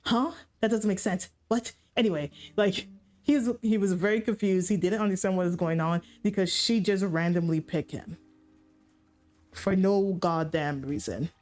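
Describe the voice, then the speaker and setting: A woman's voice: fairly low pitch, normal speed, a little mellow. A woman streamer casually retelling a story, rambling, swearing and laughing.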